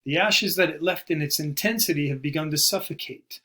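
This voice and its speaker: Man, slightly high voice, poetry lecturer, measured, explanatory. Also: bright, forceful tone. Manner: measured, explanatory, slows to stress terms. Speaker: poetry teacher. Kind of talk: recorded video lecture.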